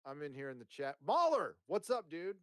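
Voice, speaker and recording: A man's voice: a little high, expressive, brisk, a little mellow, clean tone, dry recording. A man hosting a live stream, chatting casually and jokily with viewers and a guest, rambling and swearing a lot. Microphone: headphones and desk mic.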